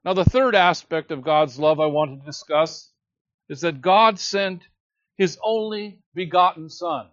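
A man's voice: a little high, dry recording. Man, preacher, sermon, earnest teaching, dry close sound, dull lo-fi recording. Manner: earnest, measured teaching with emphatic quotes.

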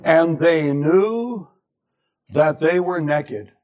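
Male preacher, slightly high voice, deliberate sermon delivery. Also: lively intonation, a little mellow. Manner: slow, emphatic delivery with dramatic pitch swings. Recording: dull lo-fi sermon recording.

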